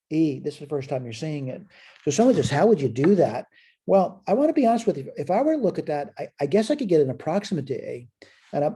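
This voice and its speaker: Teaching a recorded college math lecture, a man with a slightly high, dark voice and a breathy edge asks questions and answers them himself. He also repeats short phrases while pointing to things on the board.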